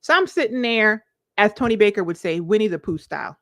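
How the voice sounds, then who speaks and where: Woman in her 40s spilling a story to her viewers, super expressive, voice jumps way up, mid-pitched, dry sound. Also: fairly quick, dry recording. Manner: expressive, confiding, laughing storyteller with sudden pitch leaps. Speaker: vlogger, life coach. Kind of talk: candid storytelling to camera, live stream.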